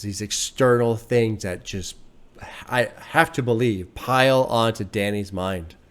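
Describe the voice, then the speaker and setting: A man hosting a music reaction video, talking casually in an earnest, rambling way and swearing freely. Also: mid-range voice.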